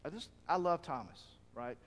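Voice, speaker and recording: Earnest preacher with a fairly high voice, echoing hall. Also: male voice, expressive, moderate pace. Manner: earnest, conversational preaching with rhetorical questions. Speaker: pastor. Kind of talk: sermon.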